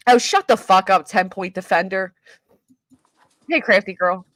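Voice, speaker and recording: A woman's voice: medium pitch, a little slow, fairly bright tone, no echo, poor audio. A woman hosting a casual livestream, profane and fired up, shaky and agitated as she reads a court ruling aloud. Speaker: livestream host.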